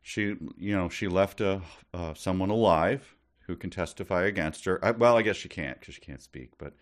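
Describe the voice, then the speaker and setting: A man's voice: deep voice, normal speed. A man co-hosting a comedy podcast, reading from a book and complaining about its writing with dry, exasperated humor. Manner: exasperated, dry commentary with laughs. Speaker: podcast co-host.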